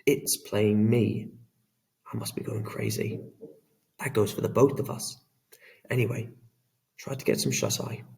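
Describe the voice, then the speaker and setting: A man's voice: lowish voice, sing-song, measured pace, creaky, darkish tone, far from the mic, heavily acted. A man voicing a worried middle-aged father in an audiobook, firm and clipped when he gives orders. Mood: weary.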